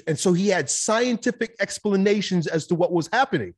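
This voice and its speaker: A man talking as a podcast guest, telling a personal story in a candid, animated way, swearing now and then. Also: sits high, a little fast. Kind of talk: casual conversational storytelling.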